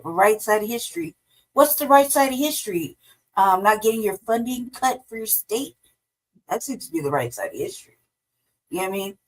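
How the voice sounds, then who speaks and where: A middle-aged woman talks through political commentary in a blunt, profane way. She laughs often and throws in animated asides. Her voice sits in a middle pitch. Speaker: podcast co-host.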